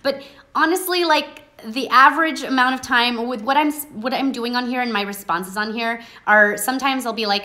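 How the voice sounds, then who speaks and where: A woman's voice: a little high, normal speed, bright, forceful tone. A woman hosting a casual chat, talking with passion that she says people mistake for anger. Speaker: host.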